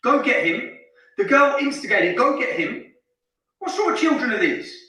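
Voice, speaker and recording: A scornful man from Luton rants over a video, repeating his words for force. His voice sits high and swings widely, with a bright, sharp edge. It reaches the listener as echoey playback from a distance, as if a clip is being replayed into the room. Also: big pitch swings, normal speed. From Luton, England. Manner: heated, scornful, repeats phrases for emphasis. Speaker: online commentator narrating a street video. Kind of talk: indignant ranting commentary.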